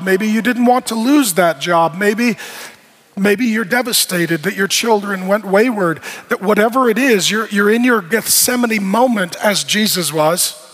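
A middle-aged male pastor with a high voice delivers a sermon, preaching emphatically in repeated rhythmic phrases. At the peaks he rises to shouts, then drops to soft, intimate tones.

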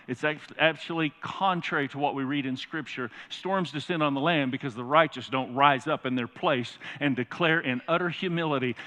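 Male pastor preaching, high and bright, emphatic, asks the room questions, long church reverb. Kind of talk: sermon. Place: large church sanctuary.

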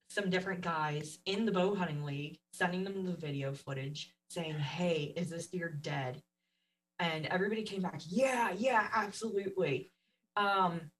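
A woman guest telling a story in a casual, animated way, laughing often and acting out what others said. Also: fairly low pitch, distant mic, poor audio. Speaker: podcast guest.

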